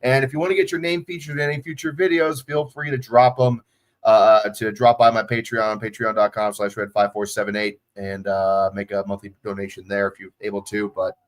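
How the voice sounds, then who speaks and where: Cursing, casual livestream host. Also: male voice, lowish voice, flat delivery, fairly quick. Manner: profane, off-the-cuff, chatty. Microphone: phone.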